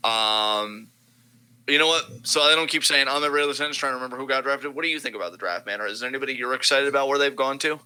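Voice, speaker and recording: A man co-hosting a casual wrestling commentary podcast, talking in an animated, sarcastic way and swearing freely. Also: mid-range voice, racing, clear, resonant tone, rough recording. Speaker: podcast co-host.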